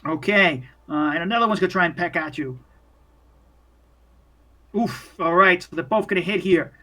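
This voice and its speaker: A man running a tabletop game as game master, narrating in a halting, rambling way full of restarts. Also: high voice, bright, forceful tone.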